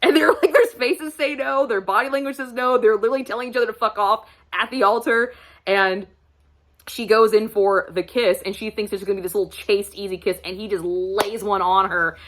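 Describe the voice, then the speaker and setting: A woman's voice: medium pitch, steady tone, a little fast, fairly bright tone. A woman reviewing books in a casual vlog, chatty and gushing, laughing often as she talks. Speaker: book reviewer.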